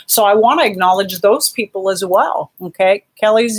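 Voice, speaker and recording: A woman hosting a casual live stream, reading out viewer comments and gently encouraging her viewers. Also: medium pitch, normal speed, hardly any pauses.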